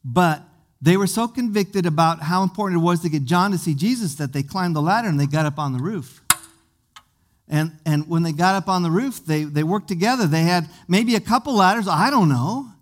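A man's voice: sits high, fairly quick. A man preaching a sermon, vividly retelling a scripture story with many questions to his listeners and often repeating small words as he goes.

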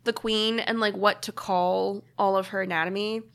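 A woman's voice: medium pitch, fairly even intonation, normal speed, a bit bright. A woman co-hosting a podcast, chatting casually, joking and reading from her notes. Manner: laughing, joking, reads from notes. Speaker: podcast co-host. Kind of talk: casual chat.

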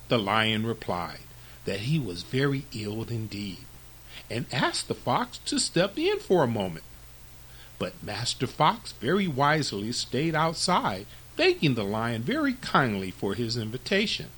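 A man hosting a storytelling podcast, reading fables to children with very expressive, lively narration. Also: mid-range voice, a little slow, breathy edge, low-quality recording.

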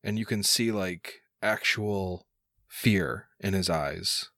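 A man's voice: low voice, takes it slowly, pushed and bright, no echo, studio quality. A man narrating a tabletop game as game master, in loose, filler-heavy speech.

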